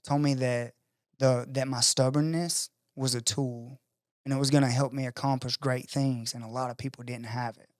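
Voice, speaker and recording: A man's voice: mid-range voice, moderate pace, dry recording. Dry-sounding man telling stories. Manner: animated storyteller acting out quoted voices, profane. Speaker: podcast guest. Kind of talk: casual storytelling conversation.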